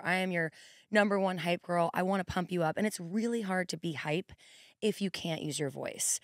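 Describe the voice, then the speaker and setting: A hoarse woman in her forties hosting a podcast, chatting casually and rambling with quick asides. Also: on the low side, dry recording, studio quality. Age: 40s. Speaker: podcast host. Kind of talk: casual monologue.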